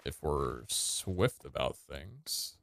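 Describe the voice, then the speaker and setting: A man giving casual gameplay commentary, excitable and swearing, with sudden loud outbursts and a voice that cracks. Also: rumbling low, extremely slow, creaky. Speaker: gaming streamer.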